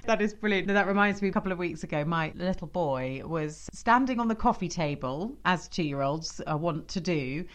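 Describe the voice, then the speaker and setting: A woman's voice: lowish voice, lively intonation, normal speed, hardly any pauses. A woman co-hosting a podcast, telling family anecdotes in casual chat and laughing often. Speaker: podcast co-host.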